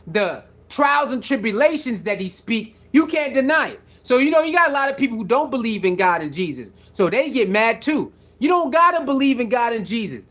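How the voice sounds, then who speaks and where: A vlogger giving casual sports commentary to camera, animated and repetitive, firing rhetorical questions at viewers and laughing between points. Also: medium pitch, brisk, hardly any pauses.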